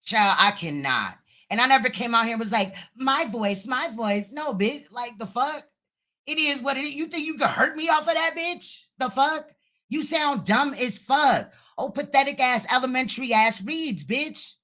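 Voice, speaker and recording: Bright-voiced woman ranting profanely. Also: high voice, lively intonation, moderate pace. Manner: profane, insulting rant. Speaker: live stream host. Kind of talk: heated reaction livestream.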